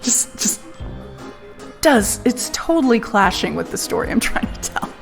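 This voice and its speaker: A woman's voice: a little high, big pitch swings, measured pace, creaky. Candid woman telling a story. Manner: candid, swears freely, laughs while telling. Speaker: streamer. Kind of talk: casual storytelling on a live stream. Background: faint music playlist.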